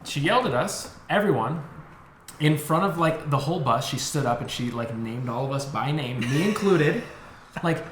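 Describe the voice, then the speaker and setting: A man's voice: mid-range voice, animated, normal speed. A young man co-hosting a podcast, telling a story in casual chat, swearing and acting out the voices of the people in it. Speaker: podcast co-host. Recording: echoey room with faint noise.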